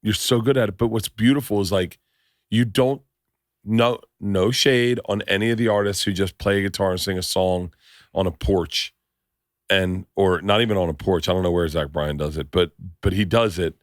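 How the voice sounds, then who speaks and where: This is a middle-aged man with a lowish voice, talking with a guest on a podcast in a rambling, jokey way that gets excitable. He sounds dry and close to the mic, with no room around him. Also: normal speed, dry recording. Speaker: podcast host. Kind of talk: casual chat.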